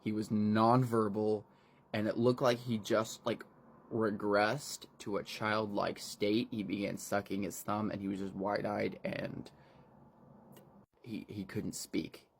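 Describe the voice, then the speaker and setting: A man's voice: lowish voice, level tone, slow, vocal fry, a little hiss or hum. A man casually recapping a horror novel, rambling and swearing freely between fillers. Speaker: book reviewer.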